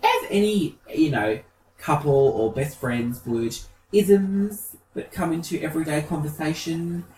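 A man's voice: a little high, measured pace, darkish tone, reverberant, distant mic, a little hiss or hum, rough recording. A man co-hosting a podcast, telling camp gossipy stories with plenty of swearing. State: feeling unwell. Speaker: podcast co-host. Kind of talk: casual chat.

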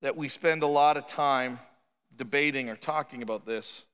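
Animated pastor preaching in a hall. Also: male voice, mid-range voice, normal speed, clear, resonant tone. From Canada. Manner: conversational, animated, shifts into quoted voices. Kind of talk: sermon.

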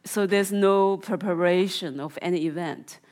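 Speaking in a lowish, slightly mellow voice at an unhurried pace, this Chinese author and filmmaker, whose first language is Chinese, gives an interview full of restarts and "you know"s. She also reads aloud from her memoir.

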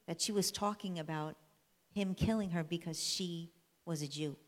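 A woman telling a Bible story as a sermon, lively and conversational, drawing the listeners in. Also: on the low side, moderate pace. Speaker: church speaker. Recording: long reverb of a large hall.

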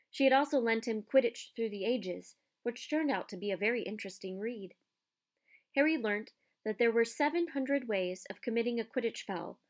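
Woman reading a storybook aloud. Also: mid-range voice. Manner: measured, expressive reading. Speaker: audiobook narrator. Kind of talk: storybook narration.

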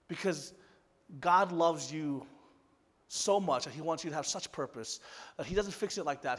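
A man preaching a sermon, telling a story that swings from loud excitement to hushed softness. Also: fairly high pitch, big-room sound. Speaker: pastor.

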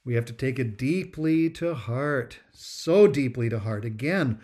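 A man's voice: medium pitch, lively intonation, a little mellow. A man giving a Christian spiritual talk, emphatic and repetitive, stretching out key words. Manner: emphatic, repetitive, drawn-out stresses. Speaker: Christian speaker.

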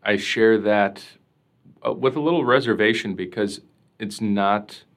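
A man with a somewhat low voice speaks earnestly as a podcast guest, recalling a personal experience. His speech is reflective and heartfelt, peppered with casual "like" fillers and restarts. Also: a little slow. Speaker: priest, interview guest. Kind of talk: personal storytelling in conversation.

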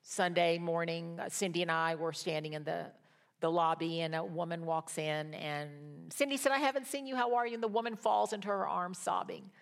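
An older woman teaching a Bible study in a sermon style, telling stories that move from hushed to rousing. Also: on the low side, steady tone, normal speed, vocal fry. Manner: storytelling, swings from hushed to rousing.

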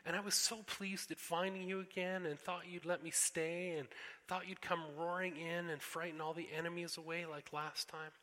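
A man's voice: on the high side, little pitch movement, normal speed, bright, forceful tone, pitched above the performer's own voice. A man putting on an anxious, pleading young girl. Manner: breathless, pleading, apologetic. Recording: echoey hall.

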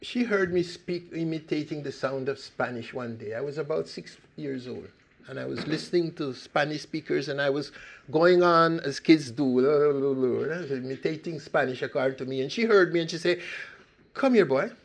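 An older man from Costa Rica telling his life story in an animated, emphatic way with frequent restarts. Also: a little high, normal speed, vocal fry. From Limón province, Costa Rica. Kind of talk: personal storytelling talk.

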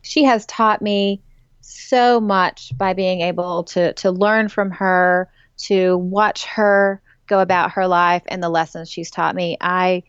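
A woman's voice: on the low side, fairly even intonation, slow, clear, resonant tone, no echo, dull audio. A woman author and ministry director talking in a casual interview, telling stories animatedly and with emphasis.

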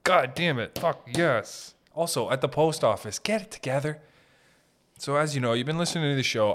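A man with a Boston accent rants his way through an unscripted solo podcast. He swears constantly and breaks into loose comedic tangents, with a voice of middling pitch. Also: expressive, normal speed. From Boston area. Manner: crude, ranting, lots of swearing and laughing asides. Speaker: podcast host. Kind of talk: unscripted profane comedic monologue.

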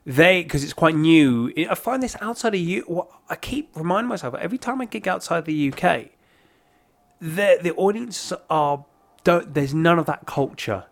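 A man with a fairly high voice chats casually. He rambles through stories with lively, animated energy. He talks like a working stand-up comic. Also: moderate pace, vocal fry. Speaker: stand-up comedian. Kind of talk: casual podcast chat.

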